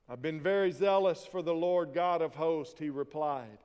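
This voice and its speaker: Slow, high-voiced preacher in a hall. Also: male voice, clean tone. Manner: reads scripture then tells stories, shouting quoted lines. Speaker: pastor. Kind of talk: sermon. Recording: long reverb of a large hall.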